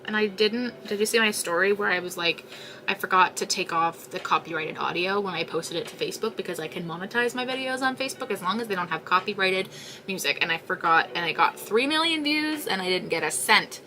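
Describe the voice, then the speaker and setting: A woman's voice: mid-range voice, fairly quick, sharp tone, a little hiss or hum. A young woman chatting casually while she crochets, rambling and exasperated as she talks to her viewers. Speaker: crochet livestream host.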